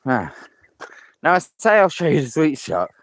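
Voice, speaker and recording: A man's voice: a little high, big pitch swings, normal speed, dry recording. A man on a live walking vlog, chatty and enthusiastic, out of breath as he climbs a hill path outdoors, filmed on a handheld phone. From England. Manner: chatty, repeats himself, enthusiastic about scenery. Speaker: vlogger.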